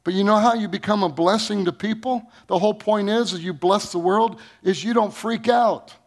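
A man preaching a sermon. He reads scripture aloud, asks the congregation questions, and swings from booming rises to low, quiet lines. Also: moderate pace. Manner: preaching with sudden rises in pitch and volume, then dropping low. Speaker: pastor.

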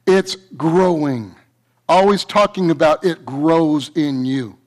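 A man's voice: fairly high pitch, slow pace. A man preaching a sermon to his church, fervent and repetitive, breaking into a story. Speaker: pastor.

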